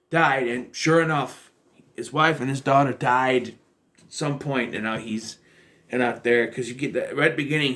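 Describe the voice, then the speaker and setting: A young man talks casually to camera about a movie he has just watched. He rambles, corrects himself mid-sentence, and slips into quick impressions of the characters. His voice sits at an ordinary middle pitch. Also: a bit bright. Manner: rambling, self-correcting, acts out quoted lines. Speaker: movie reviewer. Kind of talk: casual film review.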